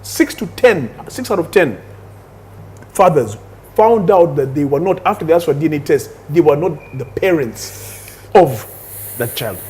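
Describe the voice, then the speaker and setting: A Ugandan man co-hosting a casual chat show, telling stories in an animated, dramatic way. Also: fairly high pitch, a little slow, breathy edge. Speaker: co-host. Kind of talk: casual bar-table chat.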